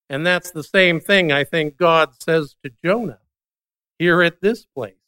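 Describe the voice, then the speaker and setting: A man preaching a sermon, retelling a Bible story with lively voiced dialogue. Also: high-pitched, normal speed. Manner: animated storytelling, voicing biblical characters. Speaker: pastor.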